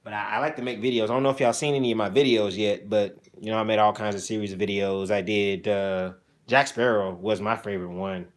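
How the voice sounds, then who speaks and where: A man's voice: fairly low pitch, steady tone, brisk. A man hosting a casual livestream, teasing and joking with his chat viewers and talking into an iPhone on a selfie stick. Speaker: streamer hosting his own channel.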